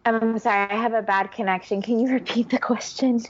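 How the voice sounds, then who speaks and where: A woman's voice: fairly high pitch, steady tone, brisk. A woman answering quiz questions on a podcast in a laughing, tentative way, on a dull online call recording. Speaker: podcast guest, contestant. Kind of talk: casual podcast chat.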